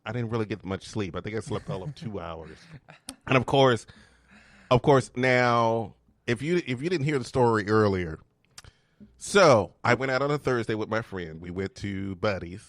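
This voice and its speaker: A man's voice: fairly low pitch, lively intonation, normal speed, no room sound, studio quality. A man hosting a casual chat show, flirty and playful, laughing often and teasing his guest. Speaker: host. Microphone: studio mic with headphones.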